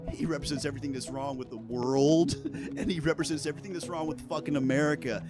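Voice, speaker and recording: A man giving casual, heated commentary on gaming news, swearing freely and talking in a sarcastic, ranting way. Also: fairly high pitch.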